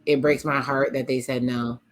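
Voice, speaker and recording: A man's voice: medium pitch, level tone, moderate pace, soft background music, poor audio. A man hosting a reaction video, reading the cast's lines aloud and then reacting to them in casual commentary.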